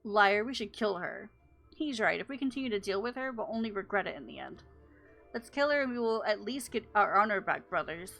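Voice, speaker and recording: A woman reads out a band of hostile crook brothers who demand payback, stern and menacing. Her voice stays mid-pitched and a little gravelly over faint game music. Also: lively intonation, fairly quick, fairly bright tone. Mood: threatening. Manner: stern and threatening. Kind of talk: reading game dialogue aloud.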